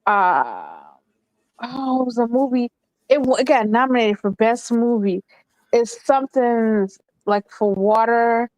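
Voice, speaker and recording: A woman's voice: on the high side, lively intonation, measured pace, darkish tone, no room sound, rough recording. A woman in her thirties chatting casually as a call-in panelist, rambling with lots of fillers. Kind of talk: casual chat.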